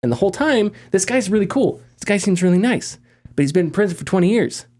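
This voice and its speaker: A man with a slightly high voice talks through a story in casual podcast chat. He rambles, restarts his phrases and keeps the energy up. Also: quick pace. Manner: animated, rambling, frequent restarts and laughs. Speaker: podcast host.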